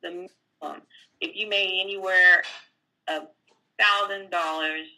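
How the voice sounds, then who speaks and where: Woman tax pro, gravelly, very bright tone, low-pitched, plainspoken explainer. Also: fairly even intonation, a little slow, poor audio. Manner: plainspoken, explains step by step with fillers. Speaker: tax professional guest. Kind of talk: casual explanatory talk. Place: California.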